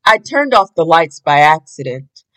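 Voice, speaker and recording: A woman's voice: deep voice, very animated, a little slow, a bit bright, pitched below the performer's own voice, exaggerated voice, poor audio. A woman doing a sheepish, flustered security guard. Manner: sheepish, apologetic. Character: flustered middle-aged male security guard.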